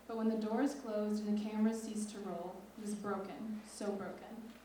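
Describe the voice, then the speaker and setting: A teenage girl with a mellow, dark-toned voice reads her lyric essay in a measured, expressive way. She is set back from the mic in a large echoing hall, with faint noise behind her. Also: medium pitch. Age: teens. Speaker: student writer. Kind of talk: reading a lyric essay aloud. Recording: echoey hall from far off.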